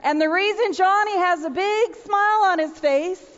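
A middle-aged woman giving a storytelling sermon to a room of listeners, animated and acting out voices and sound effects. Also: extremely high pitch, normal speed. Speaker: women's speaker. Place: large room with audience. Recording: dull, with long hall reverb.

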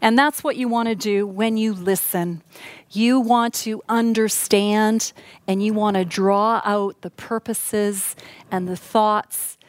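A woman giving a measured, instructive teaching talk as a Bible teacher, walking through her points one by one. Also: medium pitch, fairly even intonation, dry recording.

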